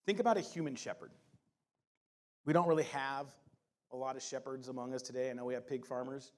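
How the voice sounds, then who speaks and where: A middle-aged man preaching a sermon as pastor, mixing scripture reading with playful humor and quick jokes. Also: mid-range voice, steady tone, darkish tone.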